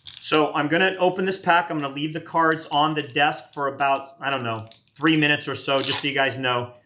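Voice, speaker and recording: A man's voice: fairly high pitch, fairly even intonation, fairly quick, bright, forceful tone, slight background noise. A man in his late fifties, chatting casually as he opens trading card packs on a live stream, rambling and self-deprecating. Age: 50s. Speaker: card collector doing a live box break.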